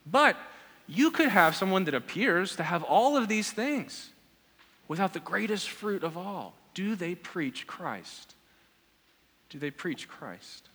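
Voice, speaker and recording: A man's voice: high-pitched, big pitch swings, takes it slowly, fairly bright tone, breathy edge. A man preaching a sermon as pastor, earnest and asking the congregation questions. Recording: long reverb of a large hall.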